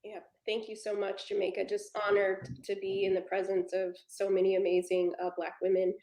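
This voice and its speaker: A woman's voice: medium pitch, completely flat delivery, a little fast, mellow, reverberant. A woman on a panel telling a personal story earnestly, building to emphatic passages. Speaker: panel speaker.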